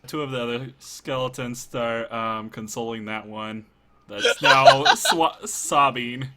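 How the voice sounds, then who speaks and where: A man narrating as game master in a tabletop game, in a relaxed, halting way. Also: mid-range voice, slight background noise.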